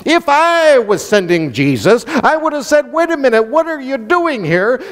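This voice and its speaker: A male pastor preaching a sermon with animated, sweeping delivery. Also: very high voice. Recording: long reverb in a church hall.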